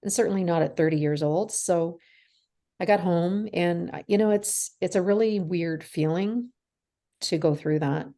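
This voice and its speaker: With a lowish, mellow voice and a moderate pace, this Canadian woman in her forties sits as an interview guest. She tells a candid personal story, plays out the dialogue, and laughs through hard memories.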